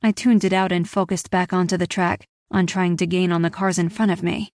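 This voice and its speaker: A woman's voice: fairly low pitch, level tone, a little fast, a little mellow, no echo, studio quality. A woman reading a first-person audiobook in a tense, clipped storytelling manner. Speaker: audiobook narrator.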